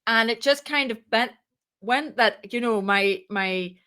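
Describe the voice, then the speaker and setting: A woman, a startup founder, telling her story as a podcast guest, lively and acting out the voices in her anecdotes. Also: fairly high pitch, unhurried, clear, resonant tone. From moved to Ireland. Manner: lively, acts out quoted dialogue. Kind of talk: casual interview storytelling.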